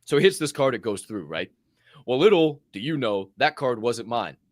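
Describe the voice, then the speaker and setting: A man co-hosting a live podcast, telling a story in an excitable, profane way and acting out what people said. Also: mid-range voice, normal speed, no echo, clean studio sound. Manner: profane, excitable, acts out quotes. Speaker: podcast co-host. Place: hotel room.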